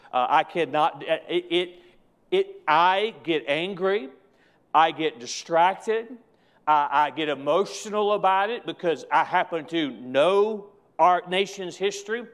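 Male pastor, high voice, emphatic repetitive sermon delivery in church. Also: fairly bright tone. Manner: emphatic, repetitive preaching with slow stressed phrases.

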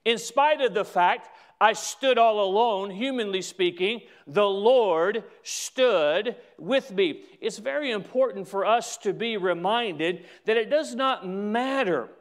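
Male preacher, high voice, slow deliberate sermon delivery, leans hard on key words.

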